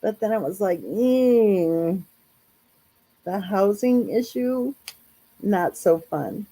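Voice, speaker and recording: A woman chats casually with her viewers in a live stream. Her voice is mellow and slightly husky. She speaks slowly and rambles in a friendly way, full of little fillers. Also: mid-range voice, expressive, rough recording. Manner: chatty, rambling, lots of "like" and "you know". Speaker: true crime channel host.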